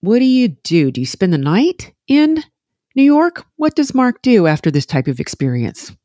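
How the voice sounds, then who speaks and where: Mellow-voiced woman hosting an interview. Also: mid-range voice, sing-song, normal speed, no echo, clean studio sound. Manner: warmly affirming, asks repeated questions. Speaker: interviewer host.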